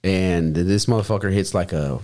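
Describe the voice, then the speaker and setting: A man's voice: deep voice, normal speed, mellow. A young man chatting casually, telling a long rambling story with lots of swearing. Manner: rambling, profane, laid-back storyteller.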